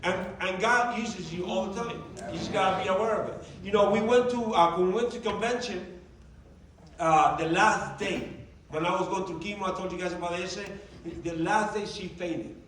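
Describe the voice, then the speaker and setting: High-voiced man coach in echoey hall. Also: a little hiss or hum. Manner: animated, emotional storytelling with shifting volume and quick asides. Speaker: motivational speaker and coach. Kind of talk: storytelling talk to a live audience. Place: large event room. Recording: echoey hall, distant mic, audience nearby.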